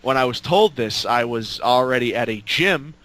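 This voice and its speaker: A man's voice: mid-range voice, lively intonation, moderate pace, a bit bright. A man telling a long, rambling road story in casual chat, swearing and laughing as he goes. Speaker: storyteller guest.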